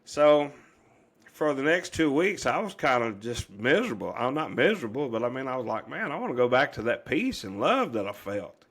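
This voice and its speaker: A man's voice: mid-range voice, sing-song, normal speed, fairly bright tone. A middle-aged man, a podcast guest earnestly telling a long personal story, rambling with many fillers and restarts.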